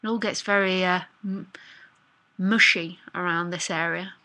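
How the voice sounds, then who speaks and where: A woman's voice: fairly low pitch, fairly even intonation, a little slow, pushed and bright. A woman with an English accent, a spiritual teacher casually reading and answering listener questions, thinking aloud with rhetorical questions. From England. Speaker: spiritual teacher hosting live talks.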